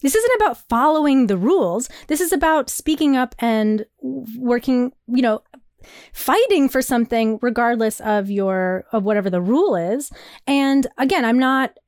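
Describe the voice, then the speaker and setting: Chatty young woman, rambling and animated. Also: fairly high pitch, normal speed, no room sound, studio quality. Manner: rambling, animated, laughs often, lots of "like". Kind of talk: casual chat. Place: New York.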